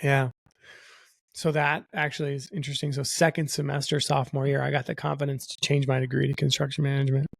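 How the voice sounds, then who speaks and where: Young guy on a podcast, gravelly voice, swears a lot, tells it like a story. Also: mid-range voice, fast, no room sound. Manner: profane, animated, quotes others in his own voice. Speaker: guest. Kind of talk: casual storytelling.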